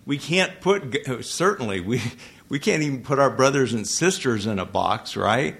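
A man preaching to a congregation, talking to them conversationally and asking them questions, with sudden loud emphasis and frequent self-corrections. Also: mid-range voice, lively intonation, normal speed, gravelly. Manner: restarts and self-corrections when tongue-tied. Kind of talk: sermon. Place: church hall with a congregation.

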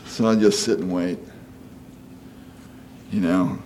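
Man, sixties, preacher, folksy conversational sermon, lower voice, faint background ambience. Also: fairly even intonation, slow pace, darkish tone, slight background noise. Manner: folksy, asks "you know?" often, acts out quoted voices.

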